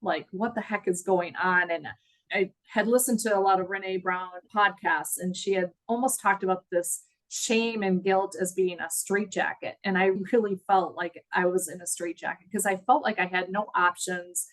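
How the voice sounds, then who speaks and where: A woman's voice: medium pitch, steady tone, moderate pace, poor audio. A middle-aged woman telling her story in an interview, earnest and reflective, audibly emotional. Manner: earnest, reflective, laughs at times. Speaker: guest.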